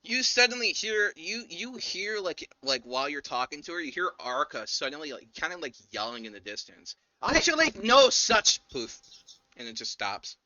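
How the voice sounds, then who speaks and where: A man's voice: on the high side, no echo, highs cut off. A man running a tabletop game as game master, narrating with lots of fillers and restarts. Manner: animated, halting with fillers.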